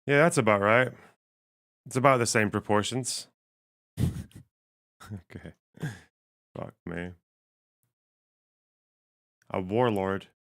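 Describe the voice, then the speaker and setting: A man live-streaming casual commentary while reading chat, his voice strained and missing its lower range, swearing and laughing as he thinks aloud. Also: slow pace, pauses often, fairly bright tone.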